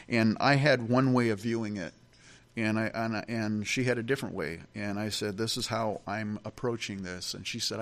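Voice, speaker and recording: Middle-aged man, pastor, folksy sermon delivery, gravelly voice, lots of restarts. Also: medium pitch, fairly bright tone. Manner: folksy, self-deprecating, many restarts.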